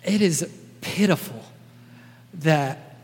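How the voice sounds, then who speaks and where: A man's voice: on the high side, animated, slow pace, breathy edge. A man preaching a sermon in a casual, earnest way, often checking in with his listeners by asking "right?". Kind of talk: conversational sermon. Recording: long reverb of a large hall.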